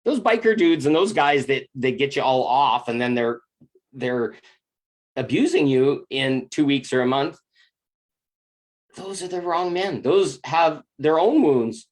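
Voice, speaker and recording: A man's voice: medium pitch, expressive, a little slow. A man giving a confessional monologue about relationships. He speaks intensely and bluntly, swears freely, and sounds earnest and emotionally open. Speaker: spiritual relationship coach.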